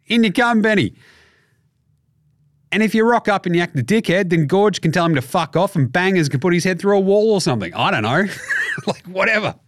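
A man's voice: high voice, fairly quick, dry recording, clean studio sound. A young Australian man hosting a podcast, ranting in a casual, mocking way and swearing a lot. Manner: animated, mocking, swears a lot, acts out voices. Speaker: podcast host.

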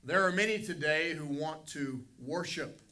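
A middle-aged man preaches a Sunday school lesson as pastor. His voice is bright and forceful, and he swells louder on the phrases he wants to stress. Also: a little high, normal speed. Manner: emphatic preaching, swells loud on key phrases.

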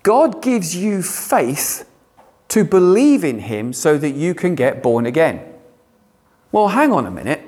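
A man preaching a sermon, animated and given to sarcastic asides. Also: fairly high pitch, normal speed.

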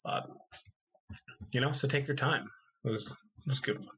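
A man's voice: medium pitch, moderate pace, husky. Casual rambling young man co-host. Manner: relaxed, rambling with frequent fillers and laughs. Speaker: podcast co-host. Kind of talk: casual chat.

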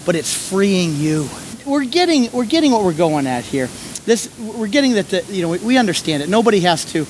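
A man preaching and telling a story, animated, shouting when he acts out scenes. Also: high-pitched, slight background noise. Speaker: pastor and coach. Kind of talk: sermon with storytelling.

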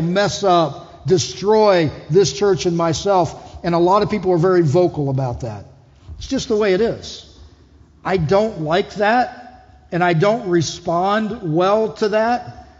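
A man's voice: sits high, darkish tone. A man preaching a conversational sermon as lead pastor, putting questions to the congregation. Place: church hall. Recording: dull echoey hall.

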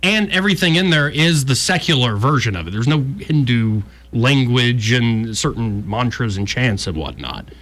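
Chatty man with an animated voice. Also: mid-range voice, normal speed, few pauses. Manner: chatty, animated, some verbal restarts. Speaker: talk radio host. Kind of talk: casual political talk.

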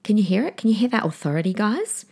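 A middle-aged woman, hosting a solo parenting podcast and giving earnest numbered tips, now and then acting out calm, firm lines she says to her children. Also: mid-range voice, quick pace, vocal fry, husky. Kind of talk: solo podcast advice talk.

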